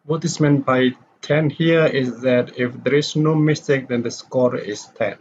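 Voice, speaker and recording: A male lecturer explaining step by step in a recorded lesson, halting with fillers and self-corrections, a non-native speaker whose first language is Indonesian. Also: medium pitch, a little mellow, slight background noise. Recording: dull lo-fi recording.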